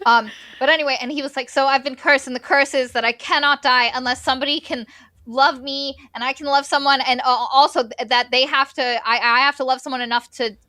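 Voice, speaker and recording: Young woman, podcast co-host, casual book recap; bright, dry close sound, acts out lines. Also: high voice, fairly even intonation, no echo. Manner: quick summarizing, acts out characters' lines.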